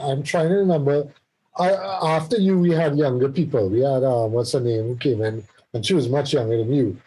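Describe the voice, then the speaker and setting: Husky, mellow-voiced male podcast host. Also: on the high side, low-quality recording. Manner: rambling, with restarts and tangents. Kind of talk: casual chat.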